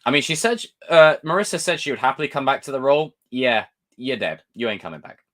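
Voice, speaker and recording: A man rants casually on his live stream, exasperated and quick to swear. His pitch leaps up and drops away as he gets worked up, in a voice of ordinary height. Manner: animated, swears often, exasperated ranting.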